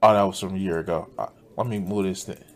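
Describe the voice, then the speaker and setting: A man's voice: deep voice, steady tone, fast. A man streaming a reaction to a video, mocking it with heavy swearing and frequent laughter. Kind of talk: profane live reaction commentary.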